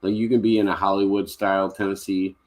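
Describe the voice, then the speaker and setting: A young man from Kentucky hosting a casual live stream from home, chatting loosely with plenty of fillers and quick laughs. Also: sits low, level tone, a little mellow. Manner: easygoing, rambling with frequent fillers and laughs. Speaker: livestream host.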